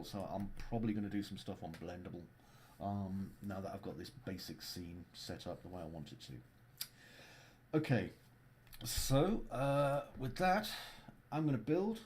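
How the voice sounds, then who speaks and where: A man hosting a casual livestream tutorial as a game developer. He walks through his software in a playful, jokey way. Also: lowish voice, lively intonation, moderate pace, a little hiss or hum.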